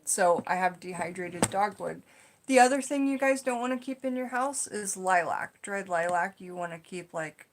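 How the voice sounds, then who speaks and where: A woman's voice: medium pitch, expressive, normal speed. A young woman in casual vlog chat, reading folk magic lore from a book and rambling off into chatty asides. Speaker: witchcraft vlogger.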